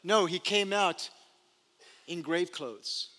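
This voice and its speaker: High-voiced, bright male pastor preaching. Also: slow pace. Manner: animated storytelling, humorous asides. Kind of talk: sermon. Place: church sanctuary. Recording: long church hall reverb.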